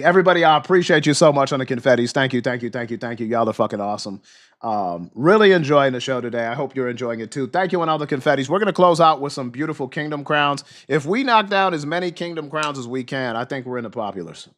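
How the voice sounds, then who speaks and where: A man hosting a livestream who reads news aloud and reacts in a loud, fired-up, profane way, losing his voice. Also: mid-range voice. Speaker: livestream host. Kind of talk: livestream commentary and news reading.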